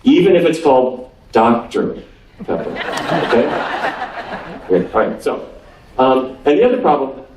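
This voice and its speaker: A man's voice: mid-range voice, sing-song, measured pace, long pauses, background noise. A man from North Dakota giving a humorous nutrition lecture as a physician and quizzing his audience with questions. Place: lecture room on a cruise ship. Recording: roomy hall, voice from far off.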